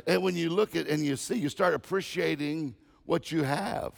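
A man's voice: on the high side, a little fast, creaky, hardly any pauses. A man giving a guest sermon on gratitude, telling jokes and personal stories and often repeating phrases. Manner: joking, anecdotal, repeats phrases. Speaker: guest speaker. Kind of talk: humorous sermon storytelling.

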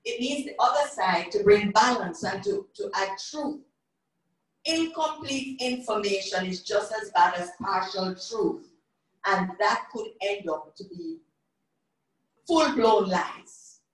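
A woman's voice: medium pitch, animated, takes it slowly. A woman preaching a sermon and telling a personal testimony in an emphatic storytelling manner. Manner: storytelling, emphatic, acts out quoted dialogue. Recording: echoey hall, speaker far from the mic.

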